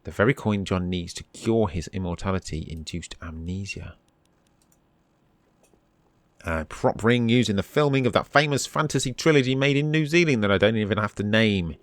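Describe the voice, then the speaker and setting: A man's voice: fairly low pitch, normal speed, no room sound. A man hosting a let's play, reading the game's text aloud and adding dry asides. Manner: dry asides, reads on-screen text in a steady voice.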